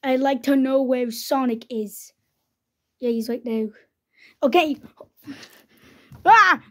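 A woman voicing characters in a homemade toy-figure play video, speaking haltingly with fillers and restarts. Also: high voice, flat delivery, mellow, slight background noise. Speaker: creator voicing all the characters.

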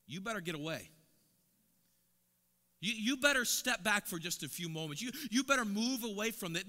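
High, bright-voiced preaching man. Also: animated, quick pace. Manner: impassioned, repeats words and builds to loud emphatic peaks. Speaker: evangelist. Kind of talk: sermon. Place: church sanctuary. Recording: long church reverb.

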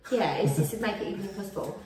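A woman's voice: medium pitch, expressive, very fast, dark tone, slight background noise. A woman, chatting casually and giggling as she rambles through a Q&A with her partner. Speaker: YouTube host. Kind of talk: casual couple chat. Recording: echoey room from a distance.

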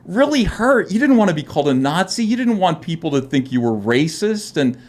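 A man's voice: on the high side, big pitch swings, a little fast, a little mellow. A middle-aged man, a guest comic artist, telling his story in a podcast interview, rambling with many "uh" fillers and acting out quoted dialogue. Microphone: studio podcast microphone.

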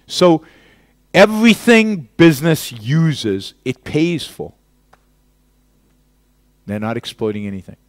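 A man's voice: on the high side, expressive, unhurried, pauses often, dry recording. A man giving a public lecture and answering questions, arguing emphatically with rhetorical questions. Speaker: guest lecturer.

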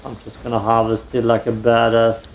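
With a mid-range voice and completely flat delivery at normal speed, a gameplay streamer talks casually through a video game. His let's play commentary is made up of dry, self-mocking remarks.

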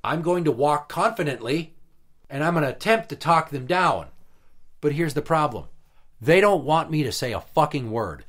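A man's voice: a little high, lively intonation, moderate pace, fairly bright tone. A man in casual podcast chat, venting about an old job in a blunt, profane way, with heated emphasis. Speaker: podcast guest telling work stories.

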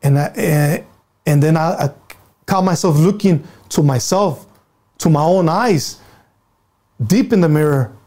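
A man's voice: on the high side, lively intonation, a little slow, long pauses, darkish tone. A man in his thirties from San Jose, telling his own life story as an interview guest in a blunt, profane way, driving his points home by repeating them. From San Jose, California. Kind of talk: candid personal storytelling.

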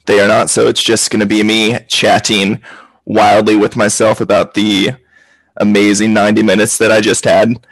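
Male podcast host, husky and gravelly, rambling casual football chat on a video call. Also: on the low side, level tone, normal speed, no echo, rough recording.

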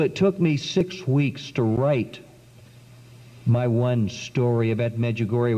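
A man giving an earnest, dramatic spoken testimony to an audience, with long pauses and sudden swings in pitch. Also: darkish tone. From South Carolina. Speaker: speaker giving a testimony talk. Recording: dull lo-fi 1990s recording in a long-echo hall.

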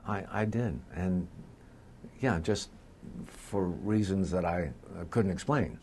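An older man, a radio talk show host, speaking candidly in a news interview, with pauses and fillers. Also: low-pitched, lively intonation. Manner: candid, plainspoken, slow with pauses.

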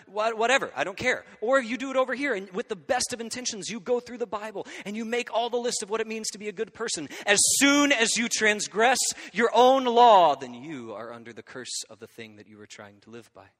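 A man in his thirties, a pastor delivering a lively, conversational sermon and often checking in with his listeners. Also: high-pitched. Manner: animated, conversational preaching with frequent check-ins to the audience. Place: church hall. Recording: hall reverb.

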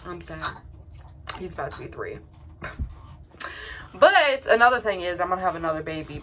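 A woman's voice: fairly low pitch, moderate pace, pauses often, fairly bright tone. A young woman chatting casually to her vlog audience, rambling and emotional with lots of fillers and restarts. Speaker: vlogger.

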